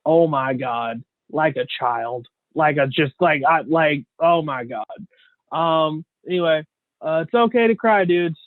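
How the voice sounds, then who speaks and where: A man's voice: a little high, a little slow, no echo. A man co-hosting a podcast, talking earnestly in loose, slangy chat. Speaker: podcast co-host. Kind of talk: casual chat. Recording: dry, phone-like sound.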